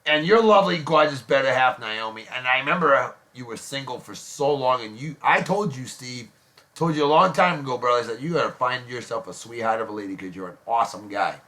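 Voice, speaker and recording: A man hosting a casual online show, gushing jokey praise and shout-outs to friends. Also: mid-range voice, a little fast. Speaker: host of a daily beer and music show.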